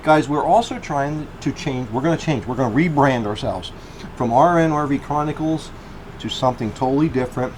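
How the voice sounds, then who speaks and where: A man's voice: medium pitch, a little fast, a little hiss or hum. A man co-hosting a home cooking vlog, upbeat and enthusiastic as he talks about the food. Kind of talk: casual cooking chat.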